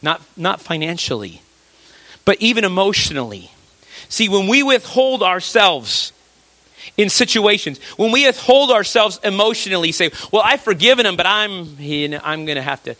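A pastor preaches a sermon conversationally, posing rhetorical questions and dropping low and quiet for emphasis. He is very animated and speaks at normal speed, with no room sound.

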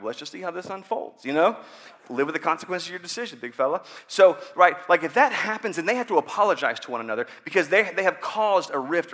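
A man's voice: fairly high pitch, bright, forceful tone. A man in his thirties preaching a sermon in a conversational, joking way, acting out prayers. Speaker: pastor.

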